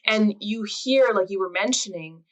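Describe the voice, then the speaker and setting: A woman's voice: medium pitch, normal speed, poor audio. A woman hosting a podcast, talking casually in long, chatty run-on sentences. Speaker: podcast host.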